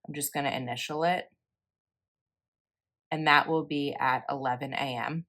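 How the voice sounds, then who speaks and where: This young woman, a planner vlogger, has a low, bright, forceful voice with fairly even intonation and a moderate pace. Her casual voice-over while planning is chatty and rambling, with frequent self-corrections.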